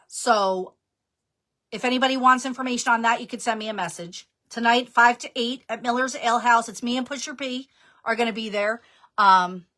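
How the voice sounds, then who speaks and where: A woman's voice: a little high, sharp tone. A woman from New Jersey with a New Jersey accent, chatting casually and laughing at herself while giving business tips on a live stream. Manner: chatty, laughing, self-deprecating. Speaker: jewelry business guest speaker.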